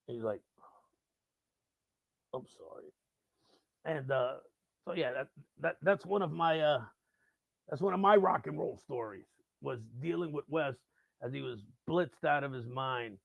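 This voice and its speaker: A man, a radio host, telling a rock-and-roll story casually and acting out the people in it loudly. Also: fairly high pitch, moderate pace, creaky, dry recording, dull audio. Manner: animated, acts out quoted voices loudly. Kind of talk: casual live-stream storytelling.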